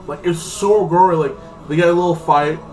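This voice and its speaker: With a voice on the high side, a steady tone, and a slightly fast pace, a man rambles through a casual movie review, filling it with "like" and acting out characters. He's a bit distant from the mic, and faint music plays underneath.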